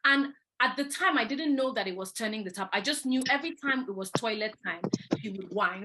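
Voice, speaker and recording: A woman educator candidly recounting a classroom experience in reflective storytelling, animated and openly self-critical. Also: a little high, fairly quick, noisy background. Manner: candid, animated, imitates a child's whining.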